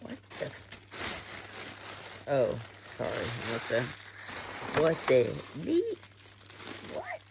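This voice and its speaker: A young woman chats her way through an unboxing, wandering from thought to thought and swearing without a second thought. Her voice has a gravelly, fry-heavy edge. She speaks slowly, and her pitch climbs and dips freely as she talks. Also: huge pitch swings, noisy background. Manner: rambling, swears freely, trails off. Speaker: vlogger. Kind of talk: casual unboxing chat.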